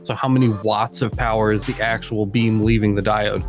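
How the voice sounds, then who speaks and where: A man's voice: on the low side, fairly even intonation, fairly quick, soft background music. Upbeat man hosting a podcast. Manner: upbeat, joking, explanatory. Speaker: podcast host. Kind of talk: casual podcast chat.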